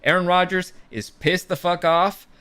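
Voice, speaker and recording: A man chatting about football with a slightly raised voice, quick to argue and swear. He jumps into debates with loose, casual energy. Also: sits high, smooth. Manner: excitable, profane, argumentative. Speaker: podcast co-host. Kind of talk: casual sports chat.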